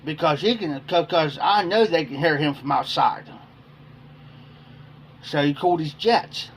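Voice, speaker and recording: A man chats on a livestream, winding through a workplace story and circling back with "I said" over and over. His voice sits a little high for a man. A faint hum of background noise runs under the talk. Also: measured pace. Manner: rambling, repeats "I said" while retelling. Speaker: livestream host. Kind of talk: casual storytelling to chat.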